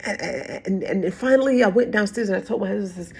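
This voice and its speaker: A middle-aged woman telling her own hard story as emotional testimony, halting and repeating words as she goes. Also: mid-range voice, a little mellow, breathy edge, faint music behind. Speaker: vlogger sharing a personal story.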